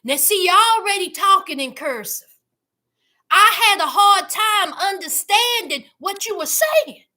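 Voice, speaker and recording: A woman's voice: very high-pitched, animated, measured pace, sharp tone. A woman giving a sassy, teasing reaction commentary on a reality show. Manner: sassy, drawling, teasing asides.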